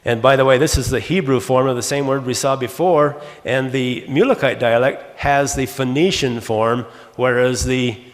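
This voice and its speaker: A man's voice: mid-range voice, fairly even intonation. A man at a conference podium working through his word data, reading each form and gloss. His voice sits in the middle range, and a long reverb trails after it in the hall. He hurries with filler sounds and false starts. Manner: rapid, fills with uh, restarts words, reads word lists aloud. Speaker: conference speaker. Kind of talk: academic conference lecture.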